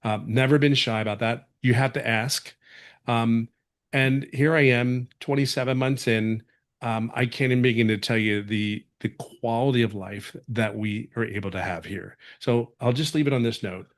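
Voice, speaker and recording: A man's voice: mid-range voice, steady tone, moderate pace. A man from California giving an earnest, rambling testimonial as a webinar guest, full of restarts.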